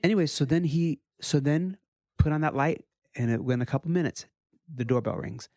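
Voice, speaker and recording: A man in his thirties, a pastor, talks through a family story in a relaxed, chatty way. His voice jumps up animatedly whenever he quotes his young sons. The sound is close and dry. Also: brisk, dry recording. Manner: animated, rises high when quoting his kids. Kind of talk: casual storytelling chat.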